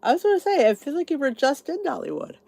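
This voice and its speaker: A woman's voice: sits high, big pitch swings, fast, creaky, darkish tone, no room sound. A middle-aged woman hosting a casual livestream chat, greeting viewers and reading their comments aloud. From New Jersey, US. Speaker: channel host.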